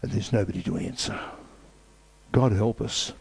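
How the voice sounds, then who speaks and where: A man preaching a sermon with emphatic, repetitive phrasing and dramatic pauses. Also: on the low side, vocal fry, husky.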